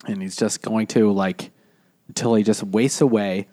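A man's voice: lowish voice, fairly even intonation, normal speed, dark tone. A man co-hosting a casual book club podcast, retelling a story with lots of fillers and restarts. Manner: rambling plot summary with many fillers. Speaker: podcast co-host.

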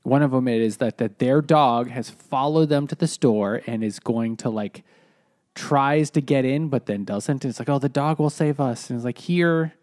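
A young man co-hosting a comedy podcast, recounting things in a rambling, halting way with lots of fillers. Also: medium pitch, darkish tone, no room sound, studio quality. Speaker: podcast co-host. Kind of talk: casual comedic chat.

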